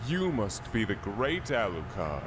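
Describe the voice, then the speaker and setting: A man's voice: lowish voice, very animated, measured pace, background noise. A man voicing a pompous, self-important male vampire in a comedy parody dub, speaking in grand, theatrical boasts. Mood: grandiose.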